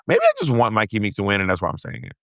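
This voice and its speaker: A man's voice: huge pitch swings, racing, a bit bright, dry recording, clean studio sound. Joking man recapping with a co-host. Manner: joking, trailing restarts, mock quotes in high voice. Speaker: podcast co-host. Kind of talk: casual recap chat.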